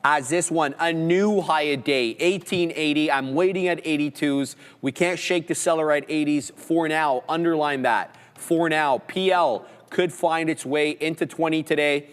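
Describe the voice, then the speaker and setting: A man hosting a live trading stream, calling out prices and levels in quick market commentary. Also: on the high side, smooth, big-room sound. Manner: rapid price calls, banter with co-host. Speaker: trading livestream host.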